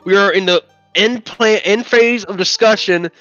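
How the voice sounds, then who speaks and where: Man, exasperated swearing player, bright high voice, dry dull audio. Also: normal speed, dry recording. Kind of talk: in-character tabletop play. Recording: dry, dull stream audio, faint music.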